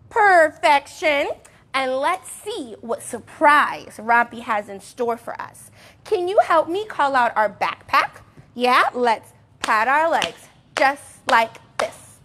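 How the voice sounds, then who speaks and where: A young woman teaching a sing-song music and movement class for toddlers, bubbly and encouraging, with excited gasps. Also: sits high, takes it slowly, a little hiss or hum.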